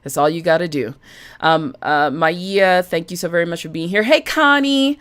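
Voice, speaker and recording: A woman hosting a casual live stream as a budget coach, chatty and animated, greeting viewers by name. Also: on the low side, normal speed, clean tone.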